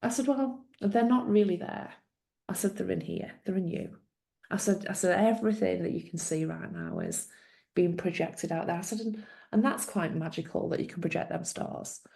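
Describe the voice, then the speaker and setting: A middle-aged woman tells a story with a gravelly, mellow voice. She slips into the people she quotes as she goes. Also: lowish voice, normal speed. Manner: animated storyteller, acts out quoted dialogue. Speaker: guest, former social worker. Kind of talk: storytelling in a conversation.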